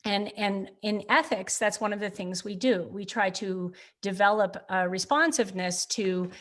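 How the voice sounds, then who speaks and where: A woman presenting on ethics to a panel over a video call, explaining ideas with animated emphasis and occasional self-corrections. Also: mid-range voice, normal speed.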